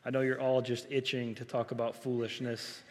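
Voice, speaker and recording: Soft-spoken preacher in a reverberant hall. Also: male voice, medium pitch, little pitch movement, moderate pace. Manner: rhetorical questions to the congregation, loud emphatic quotes; self-described soft-spoken, trying to project. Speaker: pastor. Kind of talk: sermon. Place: church sanctuary.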